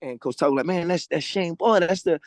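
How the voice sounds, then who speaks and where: Animated man telling stories. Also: moderate pace, dry recording, low-quality recording. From Louisiana. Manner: animated storyteller, acting out quoted people in a higher voice; slangy and casual. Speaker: guest. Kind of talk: storytelling interview. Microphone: remote call over a weak connection.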